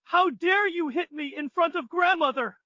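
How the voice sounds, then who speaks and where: An actor playing an arrogant young husband, indignant and blustering. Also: male voice, extremely high pitch, moderate pace, bright, forceful tone, no echo, lo-fi sound. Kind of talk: dubbed drama acting.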